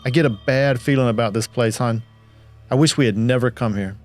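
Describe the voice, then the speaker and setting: A man's voice: medium pitch, fairly quick, a little mellow, faint music behind, natural voice. Give me an earnest, worried husband for an audio story, voiced by a man. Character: worried young husband grieving his dog.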